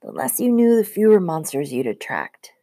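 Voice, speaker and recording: A woman voicing a nervous, loyal teenage boy satyr who is quick to take offense, talking in a hurried, indignant way. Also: low voice, huge pitch swings, warm tone, no room sound, studio quality, full character voice. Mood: insistent.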